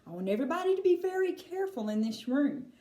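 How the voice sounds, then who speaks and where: A bouncy, eccentric candy-maker, read out by a woman who hurries everyone along with a teasing, theatrical flair. His voice leaps high and low in a roomy, echoing space. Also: very animated, fast talker, dark tone. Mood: brisk. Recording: roomy echo.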